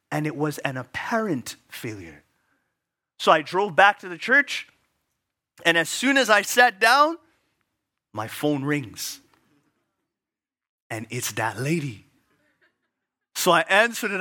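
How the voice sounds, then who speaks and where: A male pastor preaching a sermon, telling a personal story vividly and dropping to hushed tones for emphasis. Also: high-pitched, big pitch swings, measured pace, pauses often.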